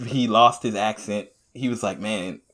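Animated laughing man in casual chat. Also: medium pitch, normal speed. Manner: laughing, animated, stumbling restarts. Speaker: podcast co-host.

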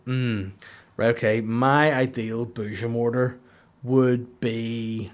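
A young man riffs through a comic podcast monologue, loose and crude. He wanders from bit to bit and keeps breaking into goofy put-on voices. His pitch sits in an ordinary middle range for a man. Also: fairly even intonation, slow pace. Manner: rambling, crude, acts out silly voices. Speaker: podcast host.

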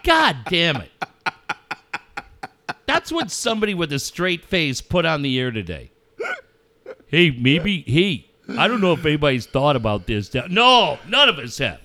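A man's voice: fairly high pitch, big pitch swings, a little slow, sharp tone. A man ranting about local sports with constant swearing and mocking put-on voices. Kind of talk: profane sports rant.

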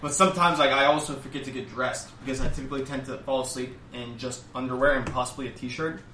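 Young man, podcast guest, deadpan rambler with lots of filler words, recorded in a roomy space away from the mic. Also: mid-range voice, quick pace, a little hiss or hum. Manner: rambling, deadpan step-by-step storytelling with many fillers. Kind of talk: casual chat. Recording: roomy, distant mic with faint ambience.

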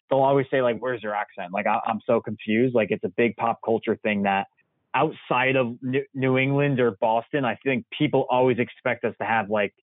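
A man's voice: medium pitch, dry recording. A young man from Connecticut chatting casually, rambling with lots of fillers. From Connecticut, USA. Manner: relaxed, rambling with many fillers. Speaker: guest. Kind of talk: casual chat. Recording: tinny phone-like line.

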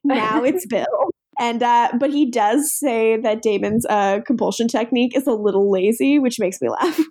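A woman's voice: on the high side, normal speed, mellow. A woman co-hosting a podcast, recapping a TV episode in casual chat, giggly and sarcastic, acting out quotes. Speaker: podcast co-host.

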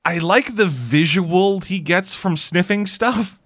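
A man's voice: sits high, slow, a bit bright, no room sound, clean studio sound. A man in casual chat, joking bluntly and swearing now and then.

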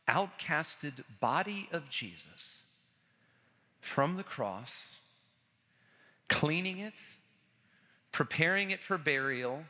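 A man preaching a sermon as pastor, animated and repeating key phrases, acting out the people in the story. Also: on the high side. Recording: large hall with long reverb.

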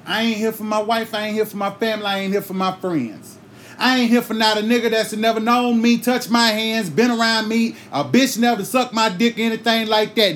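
A man's voice: sits high, a little slow, pauses often, a bit bright, a little hiss or hum. A man hosting his own comedy podcast, delivering a heated, heavily profane rant with preacher-like repetition. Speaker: podcast host.

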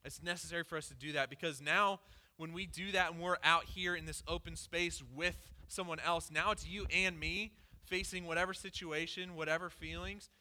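A pastor giving a conversational sermon, candidly telling a personal story with lots of "like" fillers. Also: male voice, on the high side, steady tone, normal speed, bright, forceful tone. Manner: casual and candid, peppered with "like".

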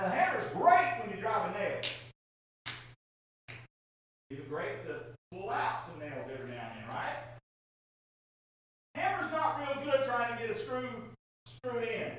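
A man, a pastor, delivering a sermon, moving between relaxed storytelling and impassioned, repetitive emphasis. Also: sits high, heavy reverb, far from the mic, slight background noise. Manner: conversational storytelling with fillers.

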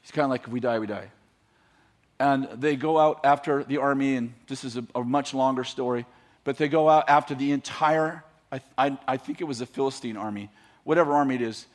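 A man preaching a sermon, retelling stories with lively acted-out dialogue and laughter. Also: medium pitch, brisk. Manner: animated, acts out biblical characters with voices and laughs. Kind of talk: sermon storytelling.

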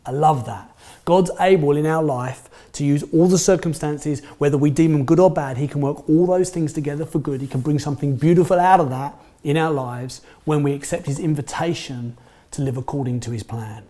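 Mellow pastor, chatty sermon. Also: male voice, a little high, moderate pace. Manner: chatty, frequent "you know" fillers. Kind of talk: conversational sermon.

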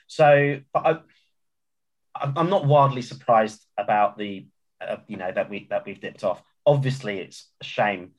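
A man's voice: mid-range voice, unhurried. A man talking football on a casual podcast, rambling and hesitant with many restarts. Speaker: podcast guest.

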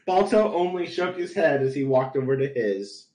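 A man narrates a story for his podcast in a plain, flat delivery, tripping over words. His voice carries a roomy echo. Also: a little high, normal speed. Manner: flat reading with stumbles and laughs. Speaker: podcast host, reader. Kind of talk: comedic fan-story narration.

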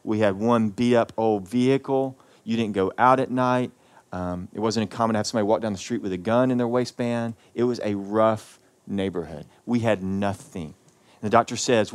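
A man, a pastor, preaching a sermon and telling a personal story in an earnest, emotional way, with many pauses and repeated words. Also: fairly low pitch.

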